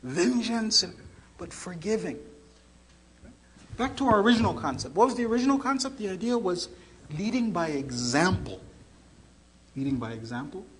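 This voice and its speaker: A man delivering a storytelling sermon, animated and acting out the voices in his story. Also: high-pitched, moderate pace, long pauses, breathy edge, poor audio. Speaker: preacher.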